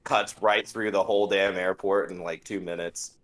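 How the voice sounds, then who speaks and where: Low-voiced man in a roomy echo. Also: steady tone, normal speed, a bit bright. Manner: laid-back, swears often. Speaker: podcast co-host. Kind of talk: casual chat.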